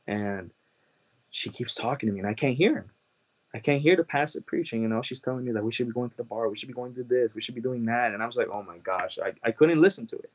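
A man from Chicago telling his conversion testimony as a guest, earnest and halting, with many "like" and "you know" fillers. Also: medium pitch, low-quality recording. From Chicago, USA. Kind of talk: personal testimony storytelling.

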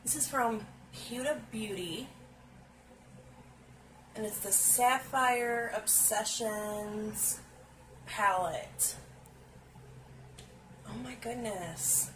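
Slow-talking, gushing woman unboxing. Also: medium pitch, noisy background. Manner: gushing, exclaims often, talks to viewers directly. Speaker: unboxing vlogger. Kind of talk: casual unboxing chat to camera. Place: indoors at home, seated on a stool.

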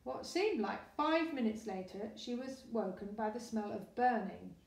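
A woman with a fairly high voice reads a children's storybook aloud, lively and expressive. The recording has a roomy echo, with the mic some way off. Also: measured pace, creaky, distant mic. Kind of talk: storybook reading.

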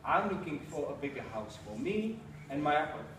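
A man's voice: on the high side, sing-song, normal speed, pitched below the performer's own voice. A man reading a storybook aloud and voicing a small, hungry female mouse who politely asks for a home. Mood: pleading. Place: school hall. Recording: echoey hall, mic far off, noisy.

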